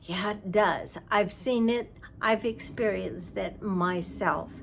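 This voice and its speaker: A woman's voice: medium pitch, slow pace, vocal fry, a bit bright, a little hiss or hum. A woman giving an earnest spiritual talk, sometimes dropping to a whisper for emphasis. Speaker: spiritual teacher. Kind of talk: slow, heartfelt spiritual talk.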